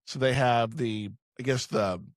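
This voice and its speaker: A man's voice: mid-range voice, unhurried, no room sound, clean studio sound. A man casually recapping a movie with friends, swearing freely and acting out lines. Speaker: podcast host.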